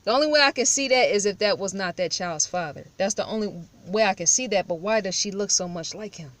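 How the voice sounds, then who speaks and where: A woman's voice: medium pitch, lively intonation, a little fast. Firm, blunt woman vlogger. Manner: rhetorical questions, repeats herself. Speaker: true-crime commentator. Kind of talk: casual vlog commentary.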